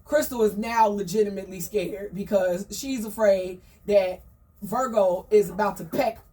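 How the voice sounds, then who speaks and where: A woman telling a story in a chatty, slangy, gossipy way, full of animated asides. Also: high-pitched, distant mic.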